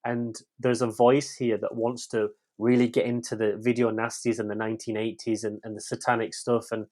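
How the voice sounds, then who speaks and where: A man talks through a film review in a loose podcast chat. He is blunt and curses freely, tripping over his own restarts. His voice sits at an ordinary middle pitch. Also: little pitch movement, brisk, darkish tone. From West Yorkshire, England. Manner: frank and blunt, swears freely, tumbling restarts.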